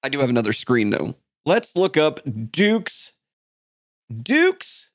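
A man's voice: medium pitch, animated, brisk, dry recording, studio quality. A man co-hosting a podcast, bantering in a profane, mock-outraged way. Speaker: podcast co-host. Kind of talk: casual banter.

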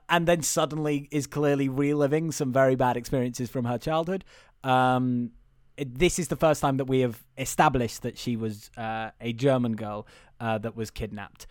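Man, comedy podcast host, rambling film recap, raised pitch, dry close sound. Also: dry recording. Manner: rambling, restarts, breaks into goofy character voices.

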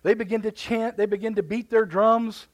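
A man's voice: high-pitched, steady tone, normal speed. A man preaching a live sermon in a church, fervent and repeating words as he builds his points. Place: church sanctuary.

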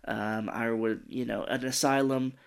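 A man's voice: mid-range voice, steady tone, measured pace, vocal fry, clear, resonant tone. A man co-hosting a podcast, retelling a movie's scenes in casual chat, acting out quoted lines and swearing freely. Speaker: podcast co-host.

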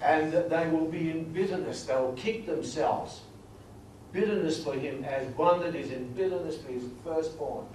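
A man teaching a sermon through numbered points, reading scripture slowly and with emphasis. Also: fairly high pitch, slight background noise. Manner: grows quiet and emotional at times. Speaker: preacher. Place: large echoey hall. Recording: echoey hall recording from far off.

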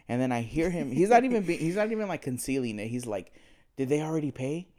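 A man in casual conversation, telling a story with loose, profane energy. His voice sits at an average pitch, and he acts out the other people's lines as he goes. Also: fast. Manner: profane, animated retelling with quoted dialogue.

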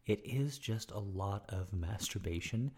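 Deep, husky man murmuring softly. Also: expressive, a little slow. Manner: soft, murmured, often whispering; rambling, self-deprecating asides. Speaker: erotic audio creator. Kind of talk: intimate spoken audio.

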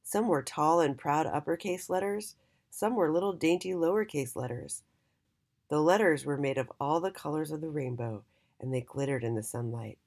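A woman reading a children's storybook aloud in an expressive, sing-song way. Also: low voice, moderate pace.

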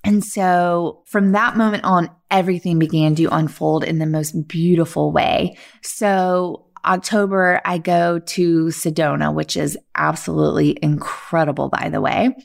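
A middle-aged woman, a podcast host, telling a personal story in an earnest, animated way, full of "like" fillers. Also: sits low, unhurried, gravelly, few pauses.

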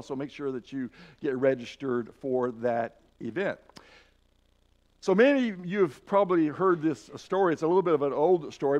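A man's voice: a little high, darkish tone, dull audio. A man preaching a sermon in an earnest, encouraging way, often restarting his phrases.

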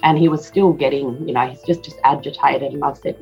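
A woman telling an emotional first-hand story in a halting way, with many restarts. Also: extremely low pitch, fairly even intonation, gravelly, a little mellow. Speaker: interview guest. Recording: dull clip with music underneath.

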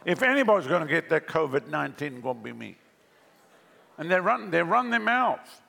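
Gravelly joking preacher in a reverberant hall. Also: male voice, on the high side, very animated, brisk, sharp tone. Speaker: pastor. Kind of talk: sermon.

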